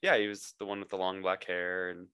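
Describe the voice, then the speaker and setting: A man's voice: low-pitched, flat delivery, a little fast, sharp tone, smooth, dry recording. A man chatting casually as a guest, hesitant and thinking aloud about a story. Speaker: guest listener. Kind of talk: casual chat.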